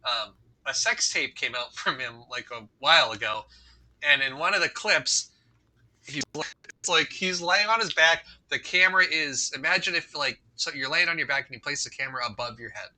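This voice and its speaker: A man's voice: a little high, normal speed, bright, forceful tone, low-quality recording. A man co-hosting a crude comedy podcast, rambling through stories in a loose, conversational way. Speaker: podcast co-host.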